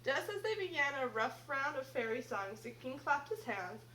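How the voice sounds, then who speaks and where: A woman's voice: high voice, big pitch swings, moderate pace, noisy background. A girl reading a silly picture book aloud at home, playful and stumbling over hard words, with chatty asides. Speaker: reader.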